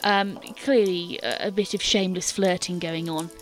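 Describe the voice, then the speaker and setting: A woman's voice: on the low side, steady tone, normal speed, faint music behind. A woman game master narrating a tabletop scene in detail, with many fillers and hesitant restarts.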